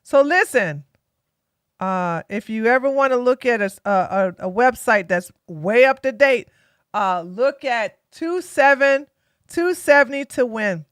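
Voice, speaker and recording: A woman's voice: a little high, animated, unhurried, clear, resonant tone, dry recording, clean studio sound. A woman hosting a live stream, giving chatty, sarcastic commentary that rambles along. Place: home in Georgia.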